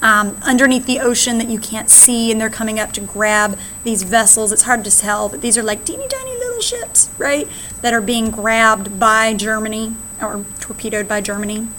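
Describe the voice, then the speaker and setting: A woman's voice: a little high, flat delivery, moderate pace, bright, forceful tone, a little hiss or hum. A woman teacher with an American accent, explaining slides in a recorded lesson and often checking in with "right?". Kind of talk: recorded classroom lecture.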